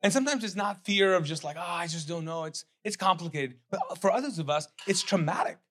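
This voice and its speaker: Animated man preaching a sermon. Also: high voice, fairly quick. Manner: animated storytelling, acting out quotes in a raised voice; repeats words and restarts often. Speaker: pastor.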